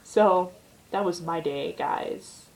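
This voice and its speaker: A woman's voice: lowish voice, fairly even intonation, normal speed, poor audio. A teenage girl vlogging from home, chatting in a rambling way with lots of "like". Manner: chatty, rambling retelling full of "like". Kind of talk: casual storytelling vlog.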